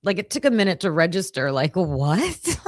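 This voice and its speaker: A woman hosting a livestream, chatting casually with her viewers and telling stories in an animated way. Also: lowish voice, fast talker, no room sound, studio quality. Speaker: livestream host covering a trial.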